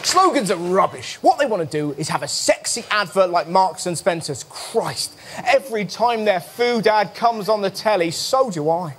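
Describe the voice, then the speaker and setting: A man's voice: high-pitched, animated, moderate pace, fairly bright tone, some chatter behind, slight background noise. A man hosting a topical comedy show, delivering a cheeky, mocking monologue with sudden voiced asides. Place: television studio stage before a live audience. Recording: studio audience roaring with laughter.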